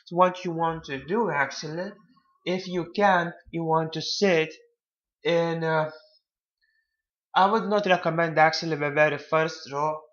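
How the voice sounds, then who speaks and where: Male self-help presenter, slightly high voice, halting and repetitive delivery, dull lo-fi audio. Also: fairly bright tone. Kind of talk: casual advice talk.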